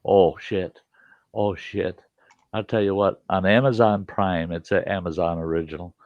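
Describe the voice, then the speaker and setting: A man's voice: low-pitched, steady tone, moderate pace, a little mellow, no room sound, highs cut off. An older grandfather hosting a livestream, telling rambling, profane stories and laughing as he chats. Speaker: livestream host. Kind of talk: casual storytelling chat.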